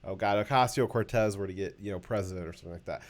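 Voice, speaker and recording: A man's voice: on the low side, rapid-fire. Rambling sarcastic male host. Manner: rambling, heavy on fillers. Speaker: show host. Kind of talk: casual political commentary.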